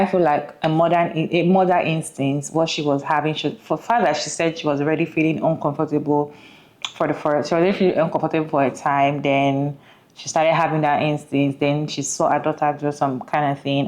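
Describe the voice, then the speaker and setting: A woman's voice: deep voice, a little mellow, poor audio. A woman hosting a reaction video, giving earnest commentary and putting questions to her viewers. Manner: earnest, talks to viewers with questions, restarts mid-sentence. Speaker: host reacting to a clip.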